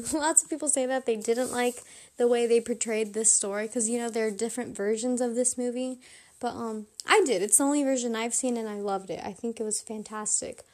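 A woman's voice: fairly high pitch, fairly quick. A young woman rating movies in a chatty, blunt, self-mocking monologue.

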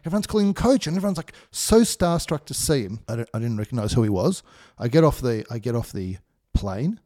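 Man, mellow dark voice, dry close sound, animated laughing storyteller. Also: dry recording. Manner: animated, laughing storyteller, pitch jumps when excited. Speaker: podcast co-host. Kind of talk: casual chat, anecdote.

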